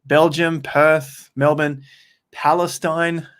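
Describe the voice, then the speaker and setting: A man's voice: a little high, flat delivery, slow pace, a bit bright. A young man hosting a casual livestream, chatting straight to his viewers and reading out their comments in an upbeat, rambling way. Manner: chatty and rambling, with frequent restarts. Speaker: crypto livestream host.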